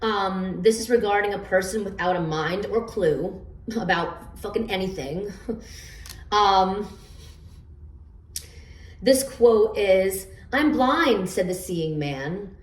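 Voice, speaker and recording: Speaking slowly with long pauses in a mid-range voice, an oracle card reader talks casually about her homemade cards. Her explanation wanders, full of fillers and stammered restarts, and she sits far from the mic in an echoey room.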